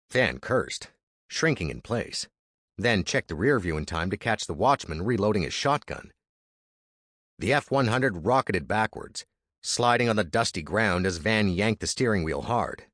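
A man reading an audiobook in an expressive, dramatic manner, recorded on a close studio mic. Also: on the low side, dry recording. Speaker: audiobook narrator. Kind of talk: scripted audiobook narration.

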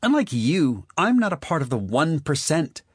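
A man's voice: on the high side, big pitch swings, normal speed, no echo, clean studio sound, voice pushed up. A man putting on a petulant flirty gold-digger woman. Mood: sneering. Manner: sneering, wheedling, waspish. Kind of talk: audiobook character voice.

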